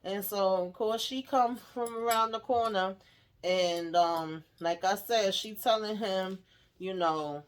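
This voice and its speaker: A woman's voice: medium pitch, slow pace, smooth. A woman recapping a TV episode in a casual, chatty way, laughing often and acting out the characters' lines. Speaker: TV recap host.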